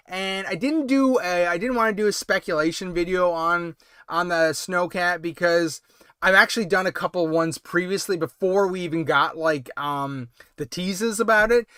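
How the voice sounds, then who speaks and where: A man's voice: high-pitched, moderate pace, bright, forceful tone, clean tone, dry recording, studio quality. A man hosting a late-night toy-collecting livestream, chatting casually and rambling with lots of hedges and fillers. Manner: rambling, hedging with many ums and I means. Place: home, late-night stream.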